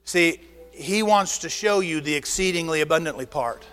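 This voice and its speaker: High-voiced preaching pastor, lively sermon. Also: male voice, normal speed, in a large hall, faint music behind. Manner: animated preaching with acted dialogue and rhetorical questions. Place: church sanctuary.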